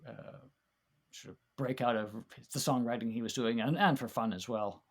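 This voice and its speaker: As a podcast guest, a man of medium pitch speaks at normal speed, recalling old stories in casual chat. His storytelling is warm and rambling, with frequent restarts and fillers.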